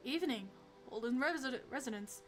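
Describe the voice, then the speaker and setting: A woman voicing a cheery, warm middle-aged father in a story game, dropping her voice a little. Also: high voice, expressive, a little fast, soft background music.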